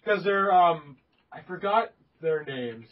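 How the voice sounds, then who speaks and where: A man's voice: fairly high pitch, lively intonation, unhurried. A young man hosting a casual gaming podcast, rambling with lots of fillers, restarts and laughs. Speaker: podcast host. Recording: dull lo-fi recording.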